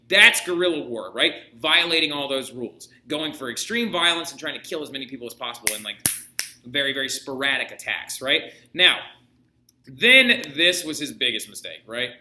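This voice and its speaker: A man's voice: fairly high pitch, bright, forceful tone. A man teaching a history lesson in a casual, jokey way, checking in with his students again and again. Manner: casual, jokey, keeps asking "right?". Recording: echoey room.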